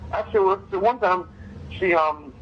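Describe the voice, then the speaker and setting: A man being interviewed, recounting events hesitantly with many pauses and restarts. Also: sits high. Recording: muffled clip with faint noise.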